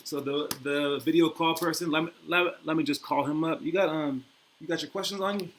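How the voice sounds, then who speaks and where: A man's voice: fairly high pitch, steady tone, a little fast, slight background noise. A young adult man hosting a basketball show, rambling and motivational, teasing his guest and laughing easily. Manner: rambling, repeats "all right?" often. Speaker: basketball program host and coach. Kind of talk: casual motivational talk and interview.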